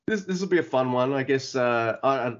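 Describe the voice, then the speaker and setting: A man's voice: mid-range voice, expressive, a little fast, lo-fi sound. A man co-hosting a casual wrestling podcast, easygoing and laughing, running through a card of matches. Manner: easygoing, laughs often, reads through lists. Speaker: podcast co-host.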